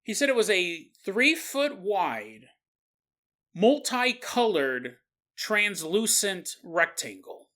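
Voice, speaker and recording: Slow-talking, bright-voiced man telling a story. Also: high voice. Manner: animated, acts out the characters in the story. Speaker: podcast host. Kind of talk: storytelling narration.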